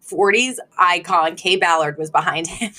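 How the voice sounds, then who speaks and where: A woman's voice: lowish voice, moderate pace, sharp tone. A woman co-hosting a podcast, recapping a sitcom episode in chatty, giggly conversation. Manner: chatty and giggly, acts out quoted lines. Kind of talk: casual chat.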